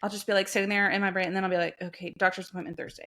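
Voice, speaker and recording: A woman's voice: mid-range voice, flat delivery, rapid-fire, a bit bright. A woman co-hosting a podcast, telling rambling stories in casual chat and laughing often. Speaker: podcast co-host.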